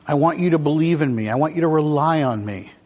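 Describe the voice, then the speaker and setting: A man's voice: on the high side, fast talker, darkish tone. Man preaching casually in a reverberant hall. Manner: conversational, asks the congregation questions. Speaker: pastor. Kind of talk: casual sermon.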